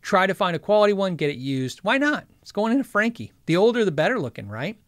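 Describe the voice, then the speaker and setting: A man's voice: high-pitched, big pitch swings, quick pace, fairly bright tone, dry recording, studio quality. A man hosting a guitar gear livestream, chatting casually and rambling through viewer questions with jokes and self-interruptions. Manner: rambling, chatty, frequently sidetracked. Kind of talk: casual chat answering live chat.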